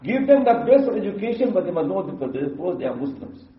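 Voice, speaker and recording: A man's voice: high-pitched, big pitch swings, quick pace. A man giving a sermon and telling stories, his delivery rising and dropping suddenly. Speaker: preacher. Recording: distant, echoey, muffled.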